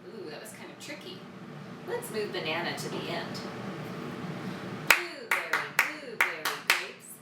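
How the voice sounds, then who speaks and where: A woman's voice: fairly low pitch, big pitch swings, brisk. A woman teaching a children's music lesson, cheerful and sing-song, clapping out the words as she goes. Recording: roomy, distant mic, loud background noise.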